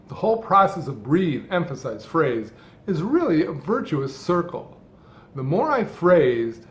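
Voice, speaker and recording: Man speaking in deliberate emphatic phrases. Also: mid-range voice. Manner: rhythmic, deliberately phrased delivery with heavy emphasis. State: person who stutters, speaking fluently. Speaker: speech coach. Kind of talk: scripted talk on speech technique. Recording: echoey room.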